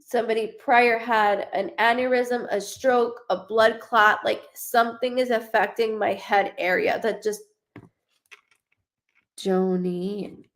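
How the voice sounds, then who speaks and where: A woman's voice: a little high, fairly even intonation, slow. A woman medium giving a live psychic reading, rambling and swearing, often restarting her sentences. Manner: rambling, profane, frequent restarts.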